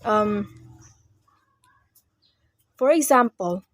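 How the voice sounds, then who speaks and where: A woman's voice: medium pitch, lively intonation, extremely slow, dry recording. A young woman, presenting a class report on grammar in short read phrases. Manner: reads explanations in short phrases, with small restarts. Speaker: student presenter.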